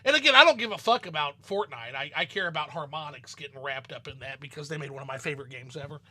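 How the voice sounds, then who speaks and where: A man with a Southern twang mixed with a flat Midwestern accent, chatting loosely and swearing freely as host over an online call. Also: a little high, quick pace. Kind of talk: casual online chat. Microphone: online call mic.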